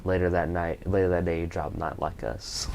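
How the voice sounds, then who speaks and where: A man's voice: deep voice, flat delivery, normal speed, gravelly, darkish tone, slight background noise. A man co-hosting a casual live-stream chat, laid-back and explaining his point. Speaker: podcast co-host.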